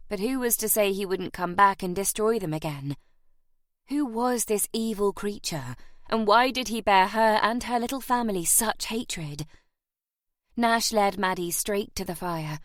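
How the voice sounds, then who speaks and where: This scripted romance narration comes from a woman working as an audiobook narrator, her storytelling steady and measured. She speaks at a medium pitch, captured dry in a clean studio.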